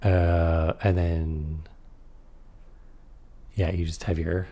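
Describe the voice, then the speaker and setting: A man's voice: low-pitched, level tone, very slow, warm tone. A man reading aloud through a tabletop game rulebook and adding casual comments on the rules. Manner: reads rules aloud, then comments offhandedly.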